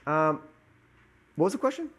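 A man talking as a podcast guest in casual chat, ranting in an animated, profane way. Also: a little high, moderate pace, a crowd in the background.

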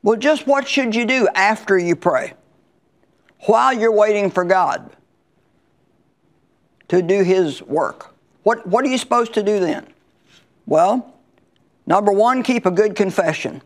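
A woman's voice: mid-range voice, animated, measured pace, long pauses. Woman preacher, conversational sermon delivery, emphatic and repetitive. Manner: emphatic, conversational, repeats key lines. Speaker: Bible teacher.

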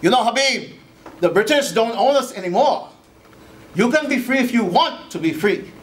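A man's voice: very high voice, expressive, normal speed. A man doing a Bahamian dreamer. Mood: dreaming. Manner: confident, insistent. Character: young Bahamian dreamer, a dishwasher who wants to act.

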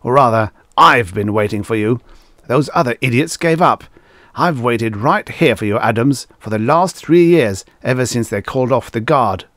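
A man voicing a gruff, blustering old retired general who bellows and barks orders. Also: medium pitch, animated, normal speed, a bit bright, no room sound, close to an everyday voice.

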